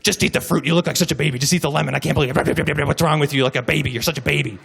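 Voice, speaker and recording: A man's voice: fairly high pitch, very fast, gravelly, a bit bright, slightly rough, full character voice. A man voicing his exasperated wife, who scolds him at a dinner table. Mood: scolding.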